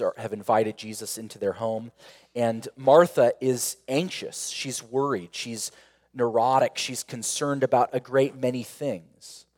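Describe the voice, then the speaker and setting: A man of middling pitch preaches a sermon in a church sanctuary, and his words ring with a long reverb through the large hall. He is earnest and leans on rhetorical questions and repeated phrases. He swells to emphatic peaks, then drops to a quiet, intimate tone. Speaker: pastor.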